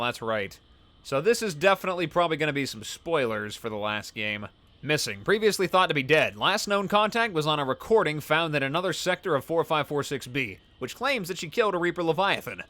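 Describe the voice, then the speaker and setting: A man's voice: on the high side, pushed and bright. A man playing a survival video game and commenting casually, reading on-screen scan texts aloud. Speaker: let's play host. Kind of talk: gameplay commentary.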